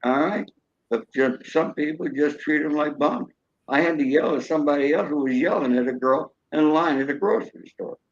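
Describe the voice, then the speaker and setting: A man's voice: a little high, normal speed, highs cut off. An older man, a show guest, telling folksy stories and acting out cheerful greetings in a raised voice. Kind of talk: storytelling.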